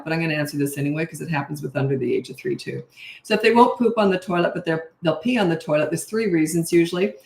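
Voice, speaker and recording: A middle-aged woman coaching parents in a casual live Q&A, blunt and chatty, laughing at herself. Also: fairly low pitch. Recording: roomy echo.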